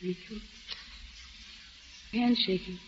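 An actress playing a weary, worried young wife in a 1940s radio drama, with a tense, clipped delivery. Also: female voice, mid-range voice, fairly even intonation, slow, lightly acted. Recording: dull lo-fi old radio recording with faint hiss.

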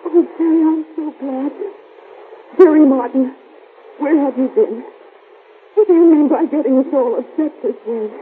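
An actress as a sobbing young fiancée. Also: female voice, high-pitched, moderate pace, long pauses, close to an everyday voice. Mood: relieved. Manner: sobbing, breathless pleading. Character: distraught young woman, engaged, emotional. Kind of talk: 1930s radio serial acting. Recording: tinny old radio recording, faint hiss.

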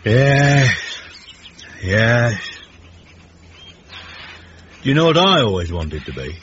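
A man's voice: medium pitch, sing-song, slow, fairly bright tone. An actor playing a genteel, pompous middle-aged man in a radio comedy, speaking in an affected, prissy, theatrical way. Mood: wistful. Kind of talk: 1980s radio comedy acting. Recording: dull, faintly hissy radio recording.

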